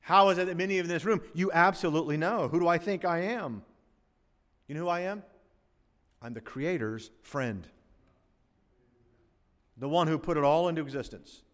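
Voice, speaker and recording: A man's voice: a little high, fast, fairly bright tone, big-room sound. A male pastor preaching a sermon to his congregation, emphatic and full of rhetorical questions. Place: church sanctuary.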